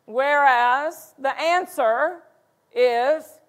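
A woman's voice: sits high, measured pace, fairly bright tone. A woman pastor preaching a sermon, emphatic and repeating key phrases.

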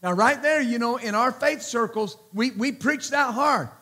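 A man preaching a sermon as pastor, slow and emphatic, repeating words and calling out praise between points. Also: very high-pitched, bright, forceful tone.

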